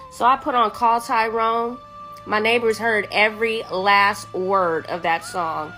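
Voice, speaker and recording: A woman's voice: medium pitch, steady tone, unhurried, bright, forceful tone, soft background music. Blunt, sassy woman telling a story. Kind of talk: casual storytelling.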